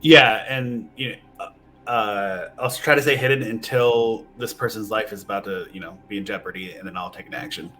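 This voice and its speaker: A man talks casually through his moves in a tabletop game, plain-spoken and practical. His voice is on the low side yet bright and forward, with faint music behind. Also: normal speed. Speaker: player.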